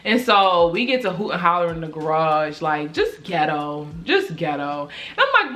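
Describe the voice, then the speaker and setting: Animated, profane young woman telling a story. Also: low-pitched, normal speed. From Baltimore, USA. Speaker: YouTuber. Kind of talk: storytime vlog.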